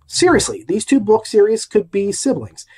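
A man's voice: sits high, sing-song, normal speed, dark tone, slightly rough. A man hosting a podcast, giving a casual, opinionated audiobook review with emphatic asides.

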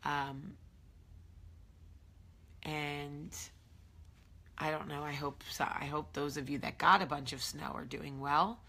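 Chatty low-voiced woman host, bright tone. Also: steady tone, takes it slowly, creaky, pauses often. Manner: chatty, rambling with many fillers. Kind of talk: casual morning live-stream chat.

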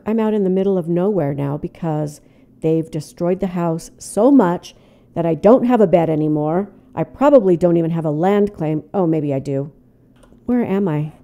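Older woman gaming, jumpy and cursing. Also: on the low side. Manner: jumpy, cursing, talks to the game out loud. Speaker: gamer. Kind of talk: let's play commentary.

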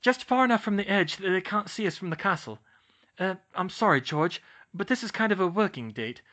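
A man's voice: animated, brisk, exaggerated voice. A man voicing a clever, earnest young witch in an audiobook. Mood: eager. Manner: raised pitch, bright and urgent.

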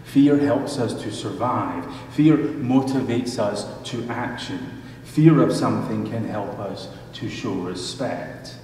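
A male pastor reading scripture and preaching a sermon in a measured storytelling manner, recorded from afar in a church sanctuary. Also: lowish voice, warm tone, a little hiss or hum. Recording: echoey church hall from far off.

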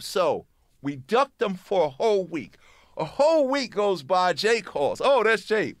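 A middle-aged man, a rapper visiting a radio studio, telling an animated story and acting out the voices and sounds of others. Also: high voice, normal speed, no room sound. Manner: lively storyteller, mimics voices and sounds, says true story. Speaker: rapper guest on radio show. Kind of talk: animated storytelling with acted quotes.

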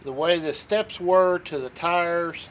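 A man's voice: fairly high pitch, steady tone, slow. A man who farms, talking plainly and thinking aloud as he works on a tractor, straining under heavy parts. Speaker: farmer vlogger. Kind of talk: casual narration while working. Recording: dull lo-fi sound with faint noise.

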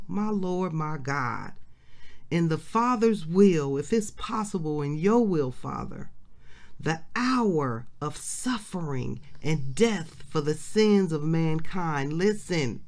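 A woman's voice: on the low side, a little mellow. A middle-aged woman preaching a devotional with fervor, repeating phrases and breaking in with praise, close to tears. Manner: fervent, repeats phrases, interjects praise and hallelujahs. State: near tears. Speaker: minister leading a devotional.

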